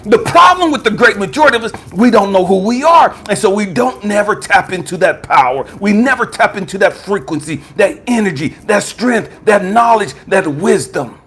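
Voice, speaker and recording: A man, a spiritual coach, telling an impassioned testimony, swinging from hushed tones to shouting. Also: sits high, lively intonation, moderate pace, few pauses, slight background noise.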